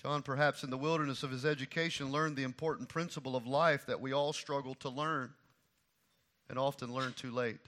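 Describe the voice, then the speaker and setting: A middle-aged man preaching a sermon as pastor, swinging from quiet asides to loud, repeated emphatic lines. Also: mid-range voice, fairly even intonation, a little fast.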